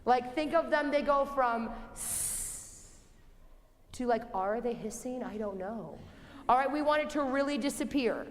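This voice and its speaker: Young woman choir director, high voice, encouraging, reverberant rehearsal hall. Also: slight background noise. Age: young adult. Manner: brisk and encouraging, sings example phrases. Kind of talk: rehearsal instruction. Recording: long hall reverb, faint music.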